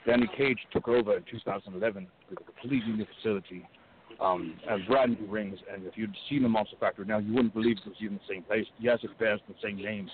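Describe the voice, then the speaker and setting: A man being interviewed as a guest, telling stories in an earnest, measured way over the phone. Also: lowish voice. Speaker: guest wrestler and coach. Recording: tinny phone line with hiss.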